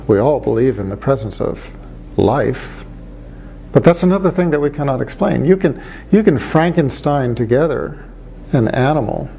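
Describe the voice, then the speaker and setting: A middle-aged man, a former atheist doctor, making a measured argument with dry humor. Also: mid-range voice, creaky, dark tone, a little hiss or hum. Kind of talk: reflective monologue.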